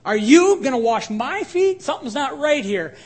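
A man voicing the disciple Peter during a sermon, protesting loudly and insistently in his own high voice. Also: very animated, moderate pace. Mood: incredulous. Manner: loud, insistent, incredulous. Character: impetuous male disciple Peter, protesting in disbelief.

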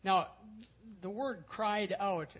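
A man's voice: high voice, takes it slowly, a bit bright, breathy edge. A male pastor teaching a sermon, explaining scripture earnestly and repeating key points for emphasis. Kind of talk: expository sermon.

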